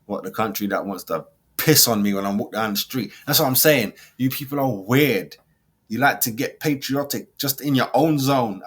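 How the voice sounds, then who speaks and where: Give me a football fan vlogger with a husky voice, ranting heatedly to camera at a middle pitch. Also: male voice, expressive, moderate pace. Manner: heated, slang-heavy rant with swings from loud mockery to low muttering.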